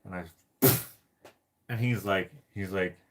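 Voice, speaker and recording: A man's voice: low-pitched, slow, a little hiss or hum. A man telling a rambling personal story to camera, laughing often and filling his talk with "like". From Canada. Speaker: vlogger.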